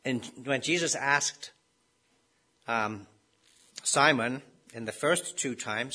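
A man's voice: mid-range voice, unhurried, sharp tone, slightly rough. A man preaching a sermon in a conversational way, often asking his listeners rhetorical questions.

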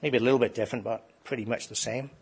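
A man's voice: mid-range voice, fairly even intonation, rapid-fire, husky. A man preaching a sermon to a congregation in a conversational way, often asking rhetorical questions. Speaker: pastor.

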